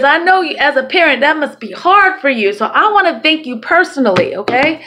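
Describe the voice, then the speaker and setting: A woman's voice: sits high, lively intonation, brisk, hardly any pauses, bright, forceful tone, slight background noise, poor audio. A woman talking to her camera in a rambling, chatty way, swearing freely. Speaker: vlogger. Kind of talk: casual talk to camera. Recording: music playing behind voice.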